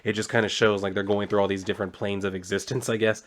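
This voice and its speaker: A man's voice: fairly low pitch, flat delivery, fast talker. A man reviewing a comic book, retelling the plot in a loose, profane, casual way full of "like".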